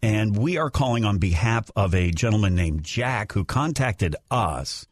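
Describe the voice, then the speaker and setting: A man hosting a radio show, questioning callers in an animated, probing way. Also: fairly low pitch, unhurried, no echo, studio quality. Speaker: radio host. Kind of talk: morning radio chat.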